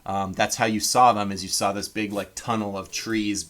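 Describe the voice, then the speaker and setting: A man's voice: lowish voice, level tone, normal speed, fairly bright tone. A man from Canada running a tabletop game as game master, rambling with lots of ums. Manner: rambling, many ums, laughs at own jokes.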